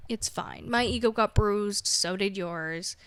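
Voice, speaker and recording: A woman's voice: medium pitch, measured pace, smooth, no echo. A woman hosting her own podcast, chatting casually in a rambling, self-mocking way and laughing often. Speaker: podcast host. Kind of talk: casual solo chat.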